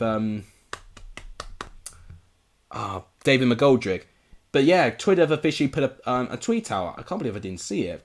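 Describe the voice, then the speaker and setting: A young man from England hosting a live football watchalong, chatting casually and answering viewer comments. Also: medium pitch. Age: young adult. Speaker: livestream host.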